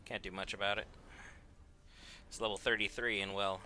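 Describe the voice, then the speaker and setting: Bright-voiced man streaming a game. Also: fairly low pitch, flat delivery, brisk, soft background music. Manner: chatty, wry, talks to chat. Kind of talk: casual gameplay commentary.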